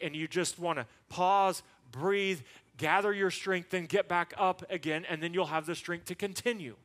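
A man preaching a sermon, telling a personal story and acting out the people in it in a lower voice. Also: steady tone, moderate pace, a bit bright. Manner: storytelling, acts out quotes in a lower voice. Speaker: pastor. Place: church.

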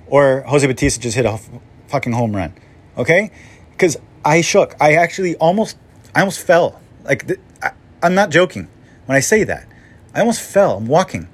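A middle-aged man hosting a podcast and telling a personal story in a casual, rambling way that jumps from one thought to the next. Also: medium pitch. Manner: rambling, self-interrupting, animated. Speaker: podcast host.

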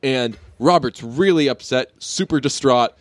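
A man's voice: mid-range voice, unhurried, dry recording. A man hosting a comedy podcast who recaps a sitcom in a rambling way and acts out the characters as he goes. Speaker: podcast host.

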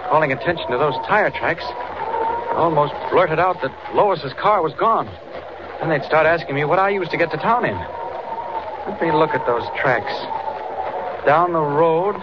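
A man's voice: on the high side, a little slow, long pauses, natural voice. An actor playing an earnest young male reporter who is secretly a hero, urgent and eager, in 1940s radio acting. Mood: musing. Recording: dull noisy 1940s radio recording.

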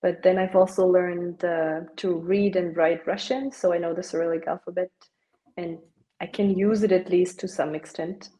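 A woman's voice: lowish voice, fairly even intonation, normal speed, warm tone, rough recording. A young woman, chatting casually as a podcast guest and dropping "like" often. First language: German. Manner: chatty, peppers speech with "like". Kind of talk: casual chat.

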